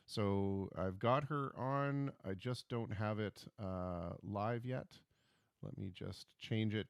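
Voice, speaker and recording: A man's voice: on the low side, dry recording, clean studio sound. A man hosting a casual livestream, talking at his computer with jokey, self-deprecating asides and puns. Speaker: livestream host.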